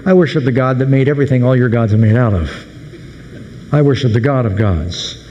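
Male pastor, sermon delivery, animated storyteller, long reverb of a big room. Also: fairly high pitch. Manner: animated storytelling, acting out the sailors' panicked questions.

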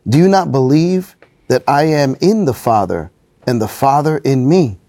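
A man in a Bible study group reading a scripture passage aloud in a steady manner. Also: medium pitch, moderate pace, dry recording, studio quality.

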